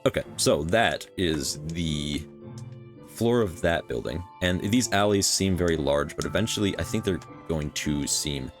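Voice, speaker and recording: A man's voice: deep voice, lively intonation, measured pace, faint music behind. A man casually commenting on his building game for his own channel, rambling with many fillers and restarts. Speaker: gaming channel host.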